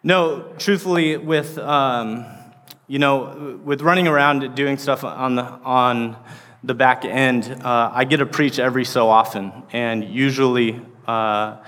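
A man's voice: mid-range voice, steady tone, unhurried, fairly bright tone. A man in his thirties, an associate pastor, preaching a sermon in a casual, rambling way full of fillers. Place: church sanctuary. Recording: long reverb of a large hall.

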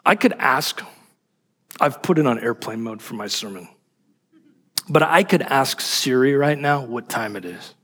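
Man, pastor, sermon, emphatic, rhetorical questions, husky, reverberant hall. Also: mid-range voice, lively intonation, measured pace, long pauses, fairly bright tone.

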